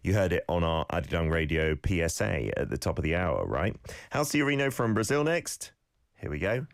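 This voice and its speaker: A man hosting a radio show, playfully correcting listeners' pronunciation and repeating phrases slowly. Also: sits low, big pitch swings, gravelly, no echo, studio quality. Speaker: radio host teaching Korean phrases. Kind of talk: casual radio lesson.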